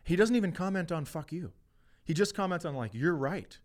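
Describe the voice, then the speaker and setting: A middle-aged man co-hosting a podcast tells a story in a casual chat, swearing plenty and acting out quotes. His voice is a little high and expressive, and he speaks a little fast.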